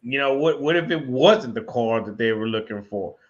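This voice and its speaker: Male co-host commenting casually, mid-pitched, recorded with a dull lo-fi sound. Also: animated, moderate pace. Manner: rambling, many restarts and fillers. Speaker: show co-host.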